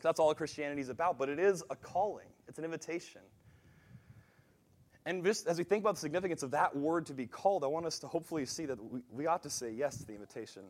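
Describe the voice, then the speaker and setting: A man with a slightly raised pitch giving a sermon. He talks in a relaxed, conversational way, restarts his phrases often, and moves between soft asides and emphatic, rising points. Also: quick pace. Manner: conversational, thinks aloud with frequent restarts; swings between quiet asides and emphatic rises. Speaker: preacher.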